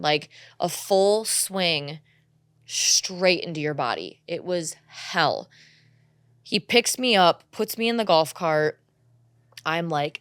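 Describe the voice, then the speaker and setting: A woman's voice: lowish voice, fairly bright tone, clear, resonant tone, no echo, clean studio sound. A young woman co-hosting a podcast, telling a personal story in candid casual chat, swearing freely and acting out her own quotes. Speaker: podcast co-host.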